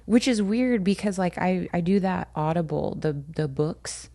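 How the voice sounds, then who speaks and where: Gravelly-voiced American woman telling stories. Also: on the low side, moderate pace, no echo, clean studio sound. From United States. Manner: animated storytelling, acting out quotes. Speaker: podcast co-host. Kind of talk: casual chat.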